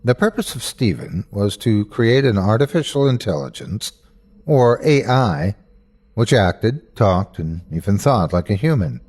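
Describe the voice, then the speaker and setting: A man's voice: fairly low pitch, very animated, measured pace, a little mellow. A man narrating a scripted horror story in first person, tense and breathless in the scary parts.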